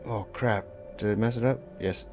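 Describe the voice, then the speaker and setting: A man's voice: lowish voice, steady tone, moderate pace, over music. A man leading a casual draw-along lesson, talking loosely with lots of "like" and little sound effects as he draws. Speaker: art teacher.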